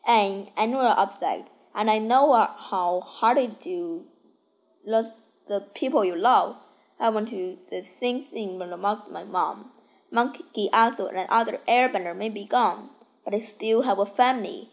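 A gentle young cartoon monk comforts a friend and speaks of family, as a woman voices him. The delivery is soft and earnest, at a middle pitch. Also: unhurried, gravelly, low-quality recording. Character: kind young boy monk, gentle and loyal.

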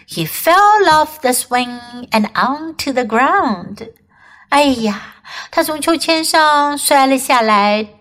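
Woman, English teacher, Chinese first language, high voice, slow pace, bilingual story reading, sing-song for kids. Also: a bit bright. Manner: clear, slow, sing-song for small children.

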